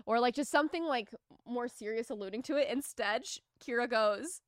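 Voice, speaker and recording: A woman's voice: fairly high pitch, moderate pace, no room sound, clean studio sound. A young woman co-hosting a podcast, chatting casually and animatedly and acting out what others said. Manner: animated, quotes people in put-on voices. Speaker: podcast co-host. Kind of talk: casual recap chat and read ad.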